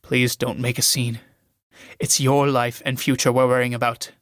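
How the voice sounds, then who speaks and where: A man's voice: mid-range voice, little pitch movement, normal speed, fairly bright tone, no room sound, clean studio sound, lightly acted. A man reading the part of a curt, scornful young male valet in a solo reading of a stage play, giving clipped orders. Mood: curt impatient. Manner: clipped, dismissive commands.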